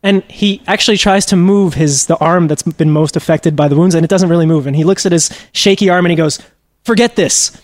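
A man's voice: on the high side, steady tone, fairly quick, hardly any pauses, a little mellow, no room sound, clean studio sound. A man being interviewed as a journalism trainer, telling a story earnestly with frequent restarts.

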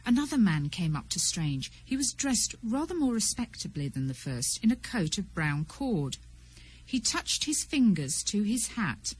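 A woman narrating an audiobook in a measured, expressive storytelling manner. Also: medium pitch, husky, low-quality recording.

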